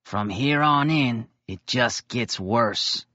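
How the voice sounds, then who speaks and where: A man's voice: on the high side, expressive, unhurried, a bit bright, dry recording, lo-fi sound, voice pushed up, exaggerated voice. A man voicing a friendly, joking boarding-school boy who teases his new friend in a playful manner. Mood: gentle teasing. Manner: teasing, playful.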